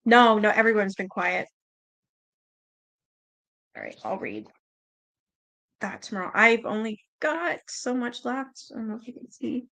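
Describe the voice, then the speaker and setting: A woman's voice: a little high, animated, measured pace, long pauses, fairly bright tone. A Canadian woman hosting a livestream, reading aloud and chatting loosely with her viewers, swearing freely and laughing often. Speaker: livestream host.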